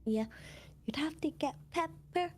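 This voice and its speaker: Soft, teasing high-voiced young woman. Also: unhurried, a little hiss or hum. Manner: soft-spoken and teasing, with deadpan jokes that sometimes drop to a whisper. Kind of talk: casual chat on a stream collab.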